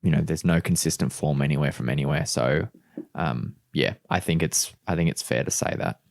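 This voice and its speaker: A man with a deep voice chats easily on a football podcast. He agrees readily and teases the others. The sound is dry and close. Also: a little fast, gravelly, no echo. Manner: laid-back, agreeable, teasing. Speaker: podcast co-host. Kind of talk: casual chat.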